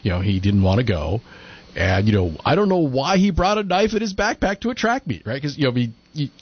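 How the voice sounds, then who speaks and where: A man's voice: fairly high pitch, sing-song, quick pace, husky. A man chatting casually as a podcast co-host, retelling events and acting out quotes in mocking voices. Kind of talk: casual commentary chat. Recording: lo-fi muffled audio.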